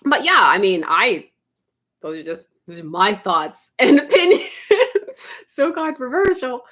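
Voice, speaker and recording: A woman's voice: fairly high pitch, measured pace. A young woman hosting a casual comics livestream, chatting with viewers and laughing often. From Canada. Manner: animated, giggly, chatty with viewers.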